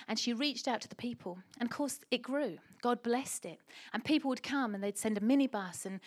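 A middle-aged woman preaching a sermon in an emphatic, animated way, asking the church rhetorical questions. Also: fairly high pitch.

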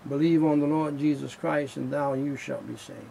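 Gravelly preacher guy, kinda high voice, slow and emphatic, keeps repeating his lines. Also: steady tone, mellow, slight background noise, poor audio. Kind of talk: sermon.

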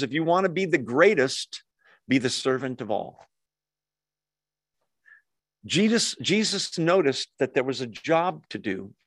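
A man teaching a Bible study, lively and often asking the group rhetorical questions. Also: mid-range voice, no echo, clean studio sound.

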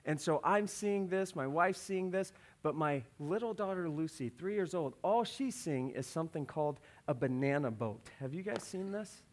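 A man's voice: fairly high pitch, expressive, normal speed, hardly any pauses. A man in his thirties preaching a sermon, telling a family story and acting out the voices in it. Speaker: pastor.

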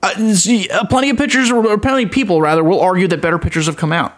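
A high-pitched, somewhat bright male voice moves at a quick clip with fairly level intonation. He's a young guy hosting an easygoing gaming podcast, wandering from topic to topic, full of enthusiasm and self-deprecating humor.

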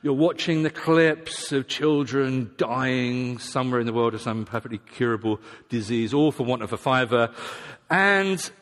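Preacher in a reverberant hall. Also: male voice, mid-range voice, measured pace, a bit bright. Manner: conversational, self-deprecating, acts out voices of imagined people. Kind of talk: sermon.

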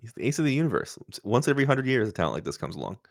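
A man co-hosting a casual chat show, playful and quick to laugh. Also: mid-range voice, big pitch swings, gravelly. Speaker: co-host.

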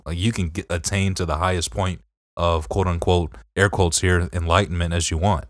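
A man's voice: low voice, level tone, normal speed, fairly bright tone, no room sound, clean studio sound. A man in a casual chat, earnestly explaining a point of faith in plain words.

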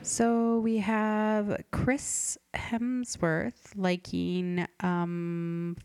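A woman's voice: medium pitch, little pitch movement, extremely slow, a little mellow, dry recording, soft background music. A woman hosting a comedy podcast, rambling and forgetful, cutting herself off mid-thought. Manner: rambling, self-interrupting, forgetful. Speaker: podcast host. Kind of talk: deadpan comedic podcast monologue.

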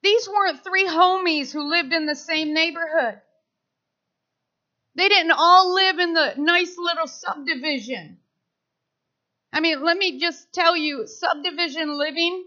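A middle-aged woman giving a sermon, telling personal stories in an animated way and acting out the voices of people she quotes. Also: very high voice, a little slow. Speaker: speaker at church service. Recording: slightly dull lo-fi sound.

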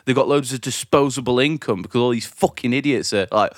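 A man's voice: medium pitch, a little fast, hardly any pauses, no echo, clean studio sound. A man from Britain ranting in casual chat, swearing a lot and laughing often.

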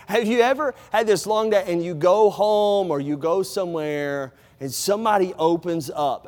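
Male preacher, high voice, emphatic sermon delivery, recorded in a big hall with a long echo tail. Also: measured pace. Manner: emphatic, swings from loud preaching to hushed asides.

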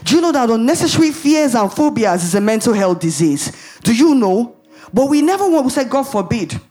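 A woman's voice: on the low side, darkish tone. A woman preaching a sermon in an emphatic way, asking the audience rhetorical questions and laughing at herself.

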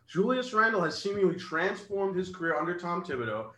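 A man's voice: high voice, expressive, brisk, sharp tone, roomy sound, low-quality recording. A man co-hosting a casual sports podcast, speaking earnestly and rattling off statistics.

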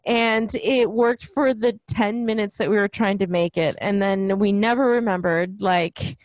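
A woman's voice: mid-range voice, unhurried, no room sound, low-quality recording. A woman in her twenties co-hosting a podcast, rambling in casual chat with many fillers. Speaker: podcast co-host.

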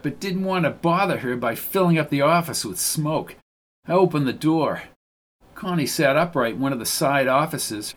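Man reading a wry hard-boiled story. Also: fairly high pitch. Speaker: audiobook narrator. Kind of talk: first-person audiobook narration.

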